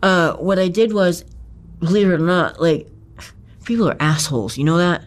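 A man recounting a personal ordeal in conversation, talking in an intense, profane and halting way, with many restarts and emphatic repetitions. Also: sits high, expressive. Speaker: interviewee.

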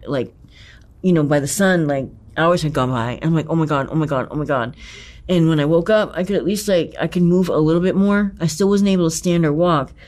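A man with a fairly high voice tells an interviewer about a personal ordeal. His speech is profane and halting, full of fillers, restarts and emphatic repetitions, and it stays intense throughout. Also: darkish tone. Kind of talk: recounting a personal ordeal in conversation.

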